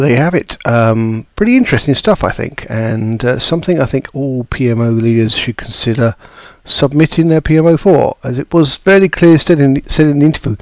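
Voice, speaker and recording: A man's voice: mid-range voice, a little mellow, no echo. A man hosting a podcast, chatting casually with lots of ums and restarts. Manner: rambling, with many fillers and restarts. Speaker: podcast host.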